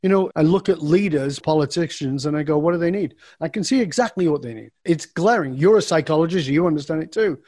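A man's voice: on the high side, quick pace, few pauses, no room sound, clean studio sound. A middle-aged man answering an interviewer's questions on a podcast, a coach who acts out the dialogue of his stories. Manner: animated storyteller acting out dialogue.

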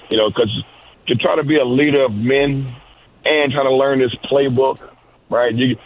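A man's voice: mid-range voice, fairly even intonation, normal speed, a little hiss or hum. A man, a coach and guest, answering interview questions casually with lots of "you know" and repeated words. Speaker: wide receivers coach, guest. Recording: tinny phone-like line.

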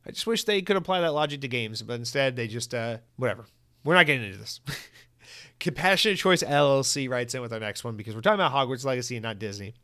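A young man hosting a podcast, reading listener comments and ranting in a casual, profane, animated way. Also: mid-range voice, brisk.

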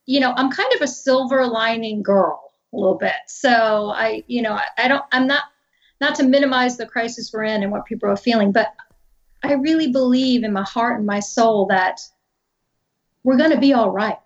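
A woman with a fairly high voice speaks on a leadership panel. She sounds upbeat and optimistic, pausing on fillers as she thinks. The recording is dull and lo-fi. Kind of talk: conversational panel discussion. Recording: dull lo-fi audio.

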